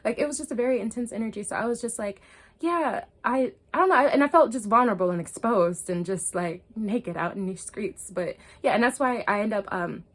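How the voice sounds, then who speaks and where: A woman talking to camera in a casual storytime vlog. She is loose and chatty, swears freely, fills her talk with "like" and "um", laughs often, and moves between hushed and excited. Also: a little high, fairly quick. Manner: loose, profane and chatty, full of "like" and "um". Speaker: spiritual vlogger.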